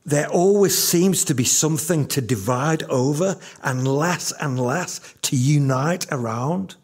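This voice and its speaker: Slow, emphatic male preacher. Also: fairly high pitch, slightly rough. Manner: slow, emphatic, repeats key lines. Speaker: pastor. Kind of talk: sermon.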